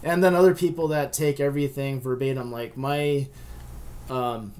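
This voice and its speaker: A man's voice: mid-range voice, fairly even intonation, moderate pace, a little mellow. A man co-hosting a podcast in casual chat, thoughtfully explaining ideas at length. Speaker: podcast co-host.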